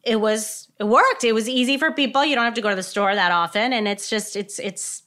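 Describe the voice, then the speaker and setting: Woman cohost chatting about food, bright forceful voice, kinda high. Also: fairly quick. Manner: explanatory, uses many fillers. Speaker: podcast co-host. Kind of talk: casual chat.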